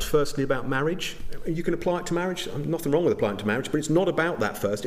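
A pastor delivers a sermon to his congregation, earnest and conversational, slipping in asides. His pitch rises and falls freely, giving the preaching a lively, animated lift. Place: church.

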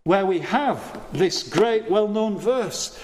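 A man's voice: high voice, expressive, slow pace. A man preaching a sermon, blunt and earnest, acting out the voices he quotes.

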